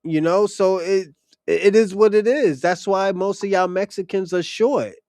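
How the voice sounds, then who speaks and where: A man's voice: high voice, fairly even intonation, measured pace, a little mellow, no echo. A man ranting bluntly and crudely on a stream, full of swagger. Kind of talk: profane opinion rant.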